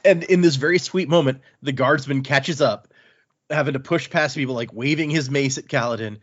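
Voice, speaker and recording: Chatty podcast guy recapping a book, average pitch, kinda dull lo-fi sound. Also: moderate pace. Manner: chatty recapping with frequent fillers. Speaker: podcast host. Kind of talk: casual book discussion. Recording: slightly muffled podcast audio.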